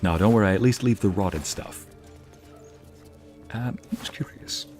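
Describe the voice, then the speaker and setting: Joking low-voiced gaming host. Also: male voice, moderate pace, darkish tone, soft background music. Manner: joking, chatty, talks to chat. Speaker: let's play host. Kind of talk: casual gameplay commentary.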